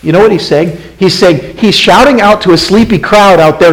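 A man preaching a sermon as pastor, questioning the congregation and swinging between hushed, intimate passages and emphatic, raised ones. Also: high-pitched, normal speed, hardly any pauses, low-quality recording.

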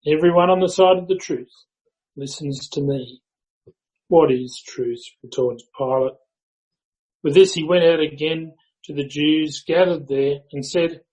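A man reading a Bible passage aloud to a church in a measured, even way. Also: fairly high pitch, poor audio. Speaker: scripture reader.

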